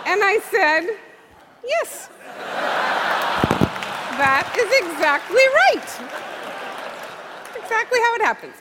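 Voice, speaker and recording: A woman's voice: high voice, measured pace, pauses often. A middle-aged woman telling a stand-up comedy story before a live audience, acting out a child's questions. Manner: animated, acts out her daughter's questions. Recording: live hall with crowd noise.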